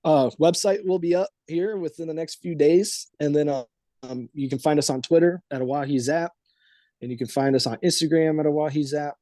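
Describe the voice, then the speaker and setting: A young man with a dark, mellow voice answers an interview in dry, close sound. He stops and restarts often and fills the gaps with ums. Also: on the high side, steady tone, dry recording. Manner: halting, full of ums and restarts. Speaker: guest, team co-owner.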